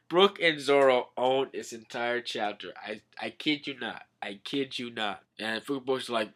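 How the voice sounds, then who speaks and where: A man's voice: medium pitch, a little slow, a bit bright. A young man casually recapping a comic, rambling with "all like" quotes and swearing. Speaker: manga reviewer.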